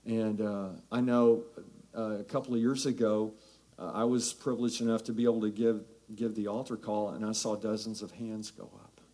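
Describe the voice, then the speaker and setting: A man with a low, even voice gives an earnest announcement to a congregation. His tone stays level as he thanks them with gratitude. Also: moderate pace. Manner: earnest, grateful. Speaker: church leader making announcements. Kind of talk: church announcement.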